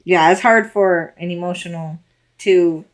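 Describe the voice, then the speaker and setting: A woman's voice: fairly low pitch, fairly even intonation, measured pace. A woman co-hosting a podcast in casual chat, talking in a loose, filler-heavy way and laughing often. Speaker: podcast co-host.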